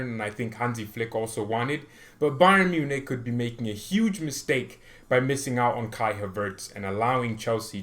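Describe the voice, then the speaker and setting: A man in the middle of the usual pitch range hosts his own fan channel, talking casually straight to camera. He rambles from point to point with excitable energy and pokes fun at himself along the way. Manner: excitable, rambling, self-mocking.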